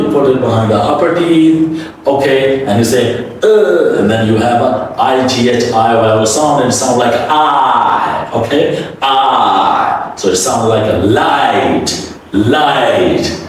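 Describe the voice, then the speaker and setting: Male pronunciation coach, slow and deliberate, mic far off in a boomy room. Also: lively intonation, heavy reverb, slight background noise. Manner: drills words aloud, coaxing with frequent "okay?". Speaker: English pronunciation teacher. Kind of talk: classroom pronunciation lesson.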